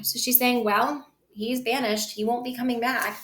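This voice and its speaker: A woman's voice: on the high side, level tone, moderate pace, hardly any pauses, fairly bright tone. A woman reading a play aloud and stopping to explain each passage in casual everyday words. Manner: switches between acted lines and casual explanation. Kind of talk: dramatic reading with plain paraphrase.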